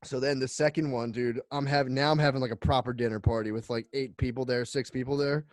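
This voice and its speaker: A man's voice: mid-range voice, fairly even intonation, fast talker, dry recording, clean studio sound. A man co-hosting a casual comedy podcast, rambling through an invented story and acting out little scenes with frequent laughter. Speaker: podcast co-host.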